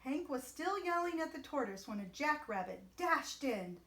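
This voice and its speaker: A woman storyteller reading a children's picture book aloud with an expressive, animated delivery. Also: sits high, unhurried, few pauses, roomy sound, recorded from a distance.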